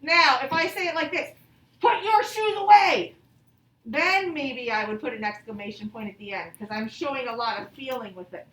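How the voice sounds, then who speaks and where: High-voiced teacher in an echoey room. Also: female voice, sharp tone, far from the mic. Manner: slow, exaggerated reading of example sentences. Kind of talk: online grammar lesson for young children.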